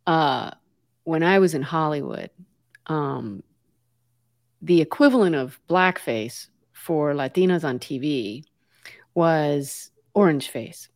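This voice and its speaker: Woman, american, guest, lively storyteller, filler-heavy, drops in spanish words. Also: deep voice, slow. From United States. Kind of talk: conversational storytelling.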